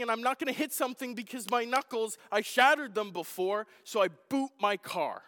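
A man preaching in a large hall, his high voice carried by a long reverb. He tells his story in an animated, self-deprecating way, dropping to quiet asides and then rising to loud outbursts. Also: moderate pace, hardly any pauses. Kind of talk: sermon storytelling.

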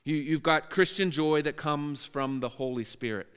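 Man, pastor's sermon, earnest, stumbling restarts, fairly high voice, smooth clear tone, long hall reverb. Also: normal speed, fairly bright tone. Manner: earnest, with frequent word repeats and restarts.

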